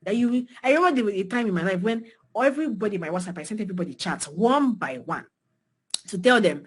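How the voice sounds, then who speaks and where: A young woman with a Nigerian accent speaks with fiery conviction to beginners, hammering points home by repeating them. Her voice is husky and slightly rough, leaping up high and dropping low as she presses each point. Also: animated, a little fast. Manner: emphatic, swings pitch and loudness widely, repeats phrases for emphasis. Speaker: design mentor speaking to beginners. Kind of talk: passionate motivational talk.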